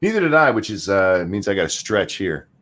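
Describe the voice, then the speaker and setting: A man with a Southern US accent who co-hosts a podcast, ranting in casual chat, profane and quick to restart his sentences. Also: sits low. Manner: animated, profane, repeats words when starting sentences. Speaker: podcast co-host.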